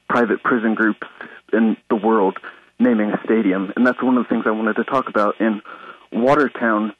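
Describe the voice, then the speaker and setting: A man's voice: fairly low pitch, breathy edge, highs cut off. A man calling in to a radio talk show, nervous and rambling. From Alaska. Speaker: caller.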